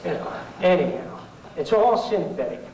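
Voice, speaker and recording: A middle-aged man speaks to an audience in a folksy, sarcastic, rambling way, full of asides. His voice sits somewhat high for a man. He was taped from a distance in a roomy hall with faint background ambience. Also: big pitch swings, normal speed, gravelly, crowd noise. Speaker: public speaker. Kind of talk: informal political talk to an audience. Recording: echoey 1990s hall recording from far off.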